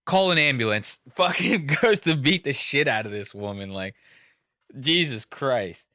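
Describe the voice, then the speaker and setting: A man's voice: mid-range voice, big pitch swings, measured pace, pushed and bright, dry recording, studio quality. A young man hosting a casual podcast, rambling and swearing as he jokes through the story. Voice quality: profane, rambling, jokey. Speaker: podcast host.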